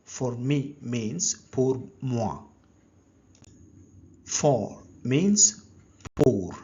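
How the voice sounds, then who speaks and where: A man teaching a step-by-step language lesson, speaking slowly and patiently and pausing so learners can answer. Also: medium pitch, a little mellow, slightly rough. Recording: dull lo-fi recording.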